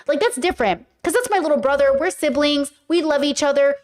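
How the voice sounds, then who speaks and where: High-voiced woman in a chatty podcast monologue. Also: expressive, a little fast, darkish tone. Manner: chatty, frank, many fillers, acts out quoted speech; swears casually. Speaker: podcast host. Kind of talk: casual monologue to viewers.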